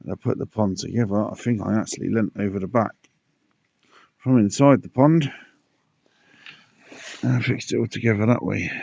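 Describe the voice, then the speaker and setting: A man's voice: fairly low pitch, vocal fry, dark tone, dry recording. A man casually talking through pond repairs outdoors, muttering to himself and out of breath, recorded on dull lo-fi audio. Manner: muttering, self-talking while working. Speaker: pond keeper vlogger. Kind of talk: casual DIY vlog commentary.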